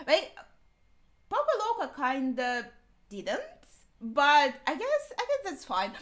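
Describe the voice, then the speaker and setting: A woman's voice: sits high, huge pitch swings, measured pace, a bit bright. A woman, not a native English speaker, hosting an anime reaction video, chatting casually and thinking aloud with lots of fillers.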